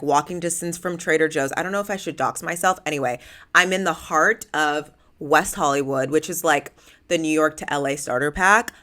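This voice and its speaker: A woman's voice: deep voice, pushed and bright. A woman in her late twenties hosting a casual solo podcast, chatty and self-mocking, with dramatic swings and plenty of "like". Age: late 20s. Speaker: podcast host.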